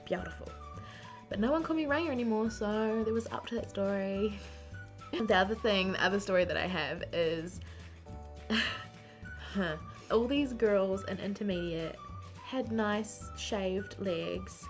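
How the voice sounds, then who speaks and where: Chatty young kiwi woman vlogging, self-mocking, soft music behind. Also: mid-range voice, normal speed. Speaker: beauty vlogger. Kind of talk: casual storytelling to camera. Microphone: camera mic.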